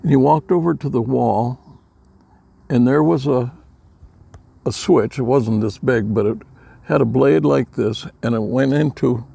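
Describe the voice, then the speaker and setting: An older man from Minnesota, telling folksy personal stories in a plain-spoken, unhurried way, with a gravelly voice. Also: mid-range voice, mellow. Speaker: storyteller. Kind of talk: casual personal storytelling.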